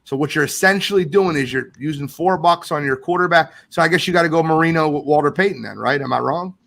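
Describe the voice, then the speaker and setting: Guy hosting a live sports podcast, kinda high gravelly voice, animated, reading out comments. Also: fast. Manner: animated, reads viewer comments aloud. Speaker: podcast host. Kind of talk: casual live podcast chat.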